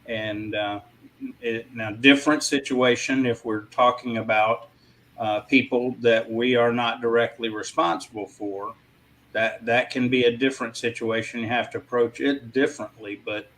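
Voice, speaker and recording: A man in a casual panel discussion, speaking in a reflective way with frequent pauses. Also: medium pitch, fairly even intonation, fairly bright tone, rough recording.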